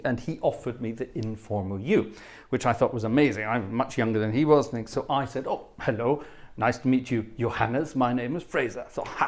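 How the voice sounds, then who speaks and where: A man's voice: medium pitch, darkish tone. Chatty man telling anecdotes. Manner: chatty anecdotal storytelling, self-deprecating asides. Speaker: livestream host and organist. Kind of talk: casual chat.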